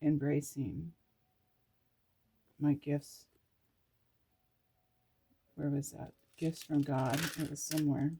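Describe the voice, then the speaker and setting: Female spiritual vlogger, lowish voice, unhurried, effusive reactions to scripture. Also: flat delivery, creaky, dark tone, husky. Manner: emotional, exclamatory, reads scripture aloud and reacts. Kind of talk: reflective spiritual reading.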